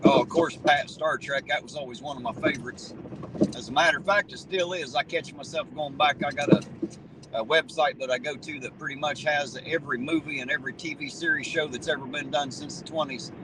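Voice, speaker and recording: A man's voice: on the high side, steady tone, a little fast, background noise. A middle-aged man, hosting a livestream, chatting casually and reminiscing in a folksy, rambling way. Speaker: livestream host reading chat. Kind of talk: casual chat.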